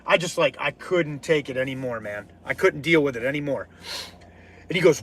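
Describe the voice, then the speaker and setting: A man hosting his own show, telling a personal story in a casual, animated way and swearing freely as it heats up. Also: a little high, brisk. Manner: animated, swears freely, swings from quiet to heated. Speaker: podcast host.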